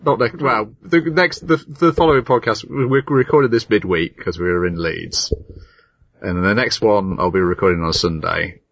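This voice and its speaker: Low husky guy chatting on a podcast, dry close sound. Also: normal speed, a bit bright, dry recording, lo-fi sound. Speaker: podcast host. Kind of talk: casual chat.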